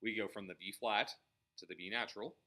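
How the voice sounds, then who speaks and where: A man's voice: on the low side, steady tone, fairly quick, bright, forceful tone. A man teaching a trumpet lesson, explaining measures and singing the rhythms aloud between bits of playing. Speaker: music teacher. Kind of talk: instrument practice lesson.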